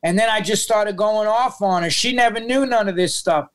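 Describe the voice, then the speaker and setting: A man's voice: high-pitched, moderate pace. A middle-aged man with a New York accent, telling a raw story as a podcast guest, blunt and swearing often. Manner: blunt, heavy swearing, emotional retelling. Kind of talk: casual interview storytelling.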